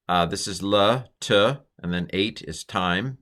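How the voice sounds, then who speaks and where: Male teacher, deep voice with a bright, forceful edge, relaxed and chatty, walks through grammar point by point. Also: slow pace. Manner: chatty, explains step by step with playful asides. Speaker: Hebrew teacher. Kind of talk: informal grammar lesson.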